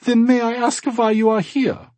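A man's voice: very high-pitched, little pitch movement, normal speed, dark tone, dry recording, voice pushed up. A man voicing a big, cheerful blond male AI guide with a slight German accent, polite and formal.

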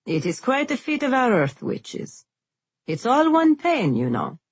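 Courteous, smoothly proud male guildmaster, read by a woman; husky, dry recording. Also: high voice, huge pitch swings, measured pace, no room sound, pitched above the performer's own voice, exaggerated voice. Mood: polite. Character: polite genteel male silk guildmaster.

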